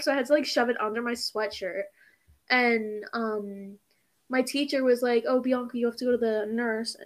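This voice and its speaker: A teenage girl co-hosting a podcast in casual chat, talking fast, swearing often and sometimes stuttering. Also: fairly high pitch, fairly bright tone. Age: teens. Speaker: podcast co-host.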